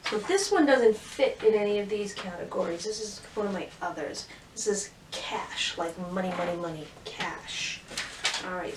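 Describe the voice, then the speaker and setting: A woman teacher giving a phonics lesson to young children from home, sounding words out letter by letter. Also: mid-range voice. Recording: roomy echo, distant mic, faint noise.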